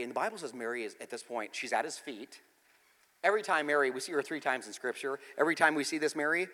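A man preaching a sermon, going from hushed and intimate to loud and impassioned, with faint music behind. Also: a little high. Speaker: pastor. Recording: large hall with long reverb, faint music behind.

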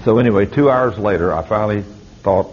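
A man's voice: fairly quick, a little hiss or hum. Fervent older preacher man. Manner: fervent, pitch climbing as he exhorts. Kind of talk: sermon. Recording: slightly dull lo-fi recording.

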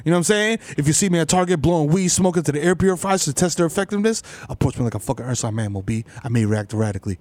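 A man hosting a comedy podcast, riffing rapid-fire with hype-man bravado and profane slang, swinging from booming to mumbling. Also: expressive, a little mellow, no echo. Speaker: podcast host. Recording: faint music behind.

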